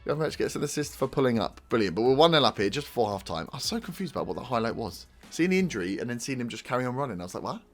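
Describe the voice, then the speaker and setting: A young man casually commentating his own football management game, excitable and talking to the players as the match plays out. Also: mid-range voice, very fast, few pauses, faint music behind. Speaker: gaming YouTuber. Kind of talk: casual let's-play commentary.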